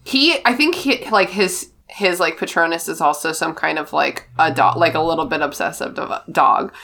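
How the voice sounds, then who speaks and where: A woman's voice: sits low, moderate pace, gravelly. A woman co-hosting a podcast in casual chat, laughing often and telling stories with lots of energy. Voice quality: laughs often, animated storytelling. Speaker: podcast co-host.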